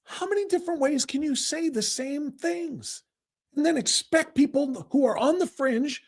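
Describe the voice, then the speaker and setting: A man hosting a political talk show, delivering heated commentary, ranting angrily with sarcastic jabs and bursts of shouting. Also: very high voice, expressive, normal speed, vocal fry. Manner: sarcastic, mocking.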